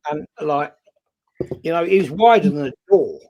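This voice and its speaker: A man's voice: a little high, expressive, moderate pace, a little mellow. A man telling a long, sweary anecdote in casual chat, acting out what people said. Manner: swears freely, tells anecdotes with acted-out quotes. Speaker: podcast host.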